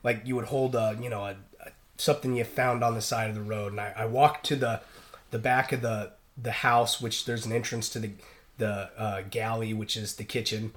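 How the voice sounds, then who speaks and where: A man's voice: lowish voice, flat delivery, normal speed, a bit bright. A man, a merchant sailor, telling stories in casual chat, rambling with many fillers and restarts. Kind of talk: casual storytelling.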